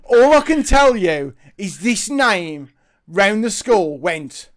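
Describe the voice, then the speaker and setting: A man's voice: high-pitched, slow. A man telling a funny story in casual chat, acting out quotes and laughing as he goes. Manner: animated, laughing anecdote-teller who acts out quotes. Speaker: podcast co-host.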